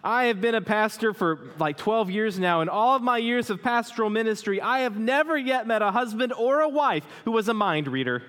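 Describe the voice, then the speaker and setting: A man's voice: high voice, lively intonation, moderate pace, few pauses, fairly bright tone. A man in his thirties, a pastor preaching a sermon in a conversational way, often asking the congregation questions. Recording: hall reverb.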